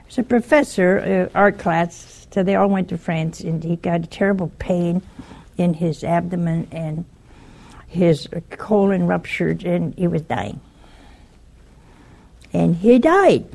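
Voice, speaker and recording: A woman speaks in a low, husky voice, slow and unhurried. Her tone is mellow and earnest, and she tells her story plainly with a quiet urgency. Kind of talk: earnest spoken warning and storytelling.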